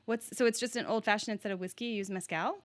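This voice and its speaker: A podcast host from Virginia, USA, runs a casual interview, chatty and animated and quick to laugh as she tells stories. Her voice is medium-pitched and fast.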